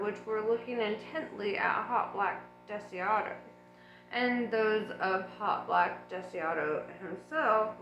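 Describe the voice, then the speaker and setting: Slow, relaxed woman reading a story. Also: mid-range voice, roomy sound, muffled recording. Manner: unhurried, relaxed, chatty asides. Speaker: audiobook reader. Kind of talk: casual audiobook reading.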